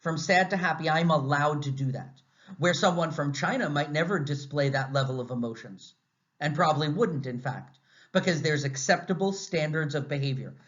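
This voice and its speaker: American male lecturer, slightly high pitch, lively and conversational, dull recording. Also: normal speed. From United States. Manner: animated, conversational, asks the class many rhetorical questions. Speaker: university lecturer. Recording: slightly dull, muffled audio.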